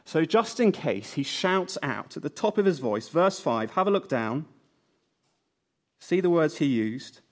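Man, playful preacher, lively pitch swings, slightly high voice, sermon at the front of a church. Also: a little slow. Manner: playful, animated storyteller. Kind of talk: sermon with storytelling.

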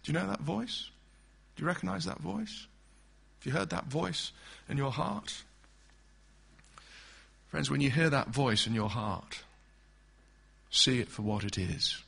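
A man's voice: on the high side, unhurried, vocal fry, pauses often, sharp tone, slightly rough. A man preaching an expository sermon in an earnest, emphatic way, asking the congregation direct questions.

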